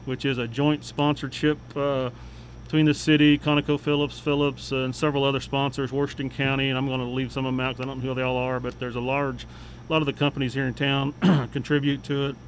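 A man speaking as a city official on a local radio talk segment, plain and unhurried with many fillers. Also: medium pitch, flat delivery, a little hiss or hum, low-quality recording. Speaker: city official giving updates.

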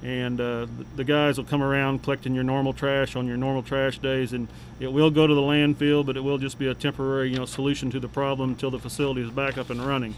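A man gives city updates on a local radio segment. He talks in a flat, level tone, plain and unhurried with frequent fillers. A faint hum sits under the voice. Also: medium pitch, poor audio. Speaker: city official giving updates.

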